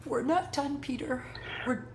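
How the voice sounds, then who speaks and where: An actress playing a lovelorn woman, speaking in a hushed, halting, emotional way in an improv scene on stage. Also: high voice. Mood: tearful. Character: tearful lovelorn woman, former lover. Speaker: improv performer. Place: theater stage.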